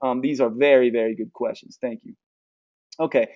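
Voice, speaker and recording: A man teaching a live nutrition session as a health coach, talking in a forceful, emphatic and blunt way while he answers questions. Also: mid-range voice, fairly even intonation, moderate pace, lo-fi sound.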